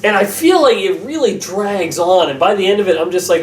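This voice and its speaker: A man reviewing a film in a casual, animated way, rambling with lots of fillers. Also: high-pitched, a little fast, far from the mic, slight background noise. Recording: roomy room, voice off-mic.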